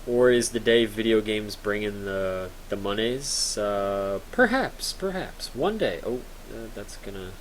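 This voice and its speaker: A man's voice: lowish voice, measured pace, hardly any pauses, a little hiss or hum, poor audio. Rambling, joking young male game streamer. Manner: rambling, joking, reads chat aloud. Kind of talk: casual live-stream chat while gaming.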